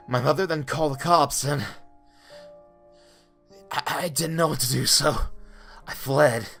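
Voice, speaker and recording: A man in his twenties voicing a haunted, stammering teenage boy turned killer in a creepypasta monologue, with a hushed, whispery, gravelly voice. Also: fairly high pitch, heavily acted. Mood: frantic, unhinged. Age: 20s. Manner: stammering, numb then unhinged. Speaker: voice actor. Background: music.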